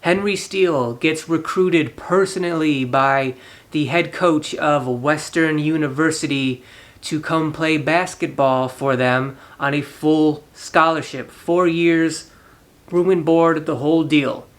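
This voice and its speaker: A man's voice: on the high side, fairly even intonation, slow. A man hosting a casual movie review, retelling the plot animatedly, laughing often and acting out the characters. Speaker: movie reviewer, channel host.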